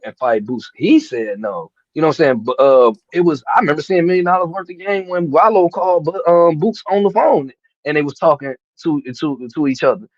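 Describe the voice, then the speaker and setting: A boxing podcast host rambles and curses through a casual chat, often asking "you know what I'm saying." His medium-pitched voice has no room sound, recorded on a dull, dry lo-fi mic.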